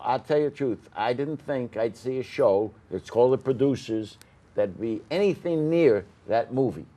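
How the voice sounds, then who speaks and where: A man's voice: medium pitch, darkish tone. An older man interviewing theatre cast members, gushing and rambling with many fillers and restarts. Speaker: arts interviewer. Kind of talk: enthusiastic casual interview.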